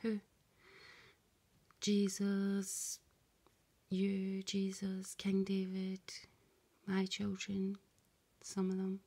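Woman, confiding rambling monologue, husky, flat delivery, slips into whispers. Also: mid-range voice, very slow, pauses often. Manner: hushed, often drops to a whisper; meandering and confiding, voices both sides of an imagined dialogue. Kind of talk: rambling spoken monologue to camera.

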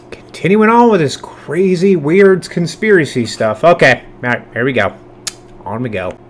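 A man with a somewhat high voice hosts a casual reaction video. His pitch jumps all over as he trades loud, profane outbursts for low mutters. Now and then he drops into cooing baby talk for his cat. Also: animated, unhurried, pauses often, a little hiss or hum.

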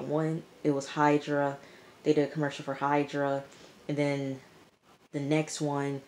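A woman giving a chatty, animated recap of a TV episode to her viewers, talking to them directly. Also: deep voice. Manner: chatty, animated storytelling, addresses viewers as y'all. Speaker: TV episode reviewer. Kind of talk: casual recap vlog.

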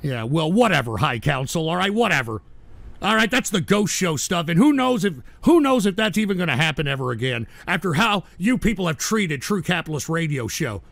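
A man's voice: on the high side, very animated, fairly quick, creaky, fairly bright tone, no room sound. A man hosting a livestream show, reading viewer donations and ranting at trolls with irritable, profane outbursts. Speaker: host.

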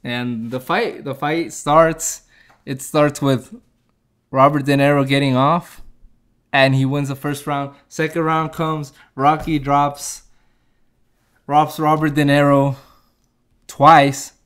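A man's voice: on the high side, level tone, takes it slowly, pauses often, a bit bright, clear, resonant tone. A man casually retelling a movie's plot, rambling with lots of fillers and chuckling at his own jokes. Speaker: movie reviewer.

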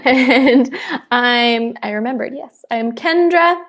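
A young woman from Seattle chatting on a live webinar with a somewhat high voice. She talks in a loose, giggly way and often trails off into "um" before picking up again. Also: slow pace, fairly bright tone. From Seattle, USA. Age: 20s. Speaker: webinar co-host. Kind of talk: casual live webinar chat.

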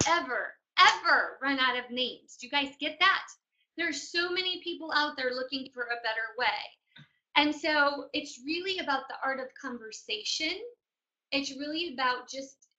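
High bright-voiced woman telling a coaching story. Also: rough recording. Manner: chatty storyteller, addresses audience directly. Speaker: business mentor. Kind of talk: motivational training talk.

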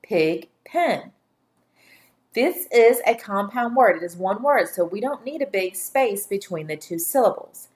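A woman teaching a phonics dictation lesson, speaking deliberately and sounding out each syllable for young learners. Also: medium pitch, animated.

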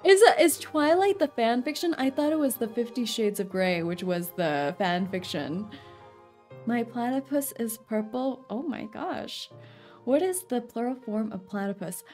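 A woman streams a game and chats playfully, giggling between her thoughts. Her voice sits high, and she talks at an easy, slow pace. The talk rambles from joke to joke. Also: animated, darkish tone, faint music behind. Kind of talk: casual live-stream chat.

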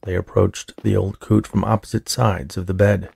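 A man reading a horror story aloud as narrator, steady and measured, with a husky, creaky voice. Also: deep voice, dry recording, studio quality. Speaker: audiobook narrator.

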